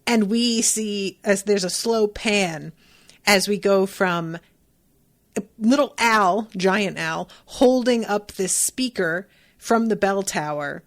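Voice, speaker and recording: A woman hosting a podcast, recapping an episode in a chatty, animated way and swearing playfully. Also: medium pitch, slow. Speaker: podcast host.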